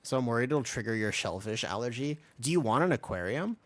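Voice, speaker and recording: A man in his twenties with a medium-pitched voice talks fast while playing a game on stream, with no room sound. Between callouts he tells a rambling story, putting on animated voices when he quotes people.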